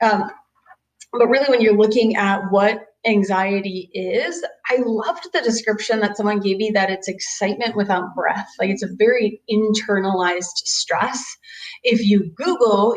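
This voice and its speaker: A woman in her thirties, a chiropractor, giving a casual webinar talk on parenting from her office, rambling with lots of "um" and "you know". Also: medium pitch. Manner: acts out quoted voices of her kids and parents. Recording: roomy, distant-sounding office recording.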